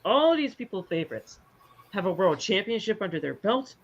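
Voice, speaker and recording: A man's voice: high-pitched, very animated, moderate pace, lo-fi sound. A man co-hosting a wrestling podcast, ranting in heated, profane casual chat. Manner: heated, swearing, fan ranting. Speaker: podcast co-host.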